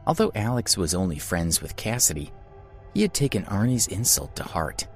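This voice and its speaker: A man narrating a scripted story in a dramatic, expressive reading. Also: low-pitched, normal speed, faint music behind.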